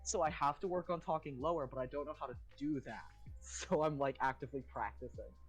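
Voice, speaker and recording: On a live stream, a trans man chats casually and swears a lot, rambling as his voice drops and cracks from testosterone. He talks a little fast in a mid-range voice with a breathy edge. Faint music plays behind him, and the recording is rough.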